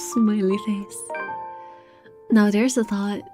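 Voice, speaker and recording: A woman's voice: mid-range voice, steady tone, slow, over music. A woman streaming a game, commenting casually with frequent laughs and swearing, and reading its text aloud.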